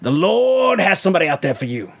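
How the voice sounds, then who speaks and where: A man voicing a loud, charismatic male Southern preacher in a mock sermon with a Southern accent, folksy and emphatic. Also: high-pitched, sing-song, a little fast, creaky, slightly rough, voice pushed up, exaggerated voice. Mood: preachy.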